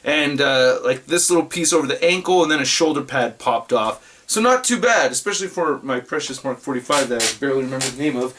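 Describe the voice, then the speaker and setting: A young adult man chatting casually to camera about his collectibles room, animated and jokey. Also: mid-range voice, a little fast, few pauses, a little hiss or hum. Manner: animated, jokey, loud greetings. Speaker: vlogger, toy collector.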